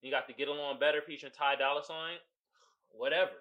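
A man's voice: on the high side, fairly even intonation, fast talker, bright, forceful tone. A man hosting a podcast, giving a casual, profane album review and laughing often. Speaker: podcast host.

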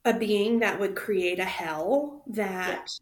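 A woman's voice: mid-range voice, takes it slowly. A woman co-hosting a podcast in casual chat, thinking aloud and searching for her words. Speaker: podcast co-host.

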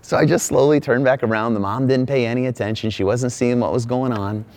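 A middle-aged male pastor delivering a sermon, telling a funny story about himself in an animated, self-deprecating way. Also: mid-range voice, fairly quick.

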